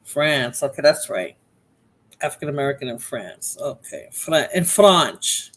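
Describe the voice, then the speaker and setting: A man's voice: a little high, expressive, measured pace, a bit bright. A man hosting a live stream, chatting casually with his viewers and reacting to a video. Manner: chatty, talks to viewers in chat by name. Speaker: livestream host reacting to videos.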